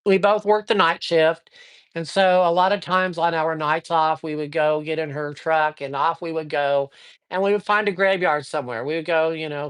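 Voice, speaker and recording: A man hosting a casual live stream, telling ghost stories with lively acted-out dialogue and giving tarot readings to viewers. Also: on the high side, clear, resonant tone. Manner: lively storyteller who acts out dialogue. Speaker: live-stream host and psychic reader.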